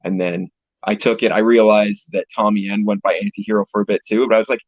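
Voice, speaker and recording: A man's voice: on the low side, little pitch movement, quick pace, no room sound. A young man from Canada, a pro wrestler, chatting casually as an interview guest in a laid-back, rambling way with casual swearing, heard over a video call. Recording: dull lo-fi call audio, dry.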